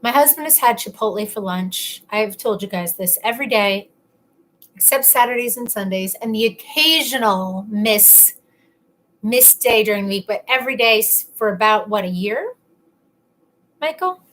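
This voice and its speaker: A woman's voice: mid-range voice, expressive, moderate pace, a bit bright, a little hiss or hum. A young woman hosting a casual live stream, reading viewer comments in a chatty, playful, teasing way, sometimes talking with her mouth full as she eats. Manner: talks with her mouth full while eating.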